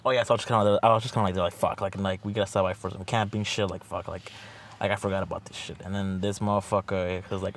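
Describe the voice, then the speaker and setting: A man's voice: low voice, steady tone, rapid-fire, slight background noise. Rambling, swearing young man telling a story. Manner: rambling, heavy swearing, lots of fillers. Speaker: podcast co-host. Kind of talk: casual storytelling chat.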